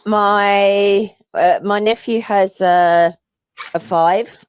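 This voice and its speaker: Woman, unhurried delivery, dry close sound, measured questions, casual chat. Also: mid-range voice, steady tone, smooth, no echo. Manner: measured questioner, fillers and self-corrections.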